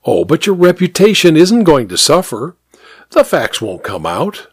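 A man voicing a genial, easygoing gentleman who reassures his friend in a breezy, upbeat way. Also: fairly high pitch, sing-song, a little slow, slightly rough, no echo, studio quality, full character voice.

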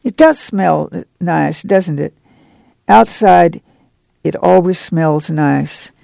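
A woman's voice: lowish voice, slow, creaky, dark tone, dry recording, exaggerated voice. Weary, guarded migrant mother, read by a man, plain rural speech, storybook reading, dry close sound. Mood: warming. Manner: folksy rural dialect speech.

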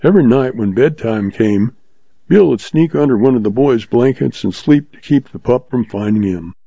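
A man voicing a smooth-talking young cowboy with an earnest, folksy drawl, read from a storybook. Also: mid-range voice, animated, normal speed, dark tone, no echo, lo-fi sound.

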